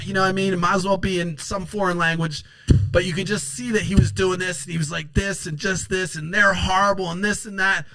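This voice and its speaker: A man's voice: high voice, a bit bright, dry recording, rough recording. A man giving impassioned political commentary, blunt and emphatic, swearing freely.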